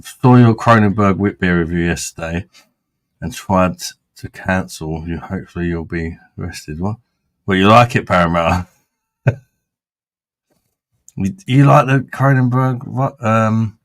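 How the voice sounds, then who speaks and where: A man hosting a casual beer review, blunt and sweary, and he laughs often. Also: fairly low pitch. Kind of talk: casual chat.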